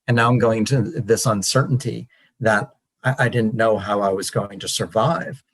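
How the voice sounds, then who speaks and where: A man, a podcast guest and author, telling his story in an earnest, animated way. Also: fairly low pitch, normal speed, slightly rough, poor audio. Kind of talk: storytelling interview.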